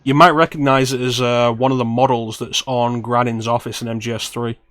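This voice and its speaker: A man's voice: mid-range voice, little pitch movement, brisk, fairly bright tone. A man co-hosting a casual streamed chat, wry and joking as he plans a script reading. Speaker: podcast co-host.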